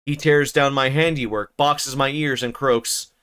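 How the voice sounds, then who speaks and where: Smooth-voiced man reading a novel aloud. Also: medium pitch, a little slow. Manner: steady reading with stumbles, rereads and casual profane asides. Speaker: streamer narrating a novel.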